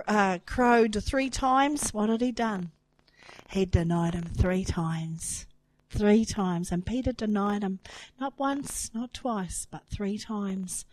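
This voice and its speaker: A woman's voice: mid-range voice, darkish tone, no echo, poor audio. Earnest woman preaching, dry close sound. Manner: earnest, emphatic repetition, voice rising with emotion. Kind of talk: sermon.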